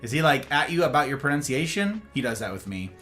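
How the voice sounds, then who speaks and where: Man, livestream host, casual rambling banter with chat, swooping lively pitch, faint music underneath. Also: quick pace. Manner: rambling, jokey banter with viewers. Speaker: streamer reading chat.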